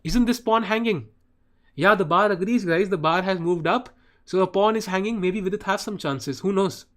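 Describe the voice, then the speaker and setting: High-voiced man streaming chess. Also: normal speed, fairly bright tone. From India. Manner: chatty, addresses chat viewers by name, often says "guys". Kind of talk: live stream commentary.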